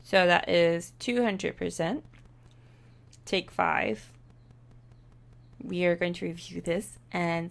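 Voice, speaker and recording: A woman streamer talks slowly and chattily into a desk microphone behind a pop filter. Her voice has a gravelly fry and cracks a little from earlier screaming. She takes her time, pausing as she explains her settings. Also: on the low side, fairly even intonation. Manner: chatty and unhurried, with loud test screams. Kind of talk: casual vlog talk to camera. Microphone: desk USB microphone with pop filter.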